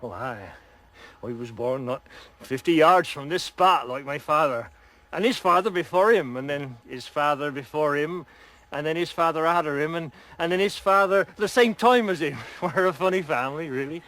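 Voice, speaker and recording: An actor playing a chuckling old villager who boasts and rambles through tall tales. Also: male voice, on the high side, animated, very slow, long pauses, a bit bright, no room sound, full character voice. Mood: rambling. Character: old local man, boastful, money-minded joker. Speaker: villager in comedy sketch.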